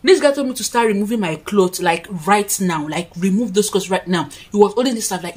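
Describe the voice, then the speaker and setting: A woman's voice: mid-range voice, expressive, fairly quick, hardly any pauses, darkish tone, breathy edge. Chatty woman telling a story. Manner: chatty, dramatic storytelling with frequent asides to viewers; doing her makeup while talking. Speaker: vlogger. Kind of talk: casual storytime. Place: her own room, indoors.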